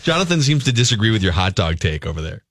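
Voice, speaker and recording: A man co-hosting a comedy talk show, tossing in quick teasing remarks. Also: lowish voice, big pitch swings, fairly bright tone, dry recording, studio quality. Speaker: radio show co-host. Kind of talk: casual comedic banter.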